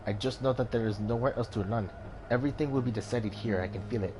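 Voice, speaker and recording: Against a noisy background, a man speaks fast at medium pitch in a nearly everyday voice, voicing a warrior-turned-merchant mystic for a game. His put-on Indian accent carries solemn, riddling lines over music, giving a cryptic mood.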